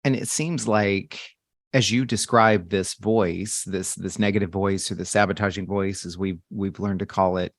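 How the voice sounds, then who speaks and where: A man's voice: low-pitched, steady tone, moderate pace, no echo, clean studio sound. A man hosting a podcast, asking reflective coaching questions in a probing, thoughtful way. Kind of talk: coaching conversational interview.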